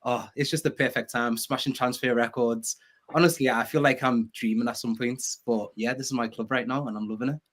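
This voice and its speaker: A man's voice: medium pitch, steady tone, a bit bright. A man joining a casual fan panel over a video call, eager and enthusiastic. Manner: eager, enthusiastic, talks in rushes. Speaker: panel guest.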